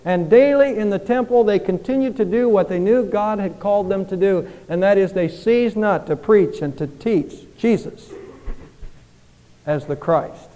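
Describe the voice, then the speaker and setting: A man's voice: high voice, mellow. A man preaching a sermon as pastor, earnest and pleading, with rhetorical questions that rise and fall in intensity. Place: church sanctuary. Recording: church hall with long reverb.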